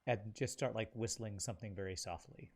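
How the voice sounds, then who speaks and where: A man's voice: lowish voice, brisk, vocal fry. A man casually describing what his character does in a tabletop game, hedging with filler words. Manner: chatty, hedging with kinda and like. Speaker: player.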